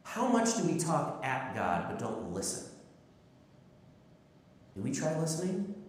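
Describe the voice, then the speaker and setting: A male pastor preaching with a lively, swinging pitch that rises and falls, telling stories and posing rhetorical questions. His voice rings out through a large, very echoey hall with a long reverb tail. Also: measured pace. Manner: storytelling, lively, acts out quotes, asks rhetorical questions. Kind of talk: sermon.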